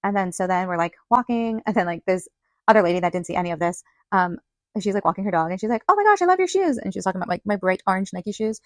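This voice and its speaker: Fast-talking chatty woman podcast host. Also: lowish voice, no echo. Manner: chatty, animated retelling full of "like" and quoted dialogue. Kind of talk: casual storytelling monologue.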